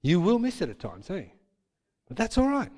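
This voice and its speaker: A man's voice: high voice, huge pitch swings, moderate pace, darkish tone. A man preaching a sermon as pastor, emphatic and repeating his points with tag questions. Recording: long hall reverb.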